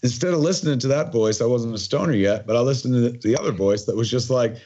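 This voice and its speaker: Husky, profane man in his forties. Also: medium pitch, fast, warm tone, lo-fi sound. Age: 40s. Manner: profane, emphatic, rambling. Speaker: podcast guest. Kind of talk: casual conversational interview.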